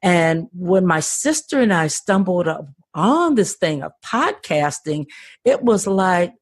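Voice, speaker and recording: Older lady guest on a podcast, low raspy voice, passionate, keeps restarting phrases. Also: sing-song, slow pace, no room sound, studio quality. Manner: earnest, passionate, repeats words when starting phrases. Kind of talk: conversational interview.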